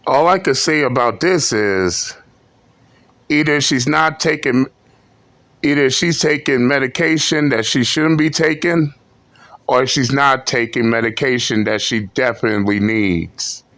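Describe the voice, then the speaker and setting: A man hosting reaction commentary in a blunt, mocking, deliberate way. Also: mid-range voice, fairly bright tone, no echo. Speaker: commentary host.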